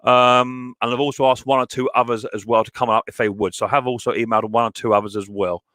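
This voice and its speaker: A man hosts a live stream and reads through the chat. He greets each viewer by name as mate or buddy boy, in a loose style full of fillers. His voice sits at an ordinary middle pitch, and the sound is dry with no room echo. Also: level tone, quick pace, a bit bright. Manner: casual, many fillers, calls people mate and buddy boy. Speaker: mower channel host.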